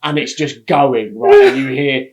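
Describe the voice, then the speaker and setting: A man chatting casually and excitably while reacting, swearing heavily. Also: medium pitch, measured pace, a crowd in the background. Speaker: reaction video host.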